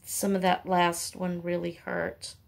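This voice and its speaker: A woman in her sixties records a rambling, casual vlog at an unhurried pace. She meanders with plenty of ums and uhs, and she speaks in a heartfelt, candid way. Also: lowish voice, monotone, vocal fry. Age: 60s. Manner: chatty and meandering, with many fillers. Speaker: vlogger.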